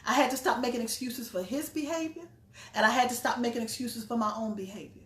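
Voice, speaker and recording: A woman's voice: on the high side, fast talker, a bit bright, reverberant. A woman pastor preaching emphatically, repeating phrases and laughing between points. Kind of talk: sermon.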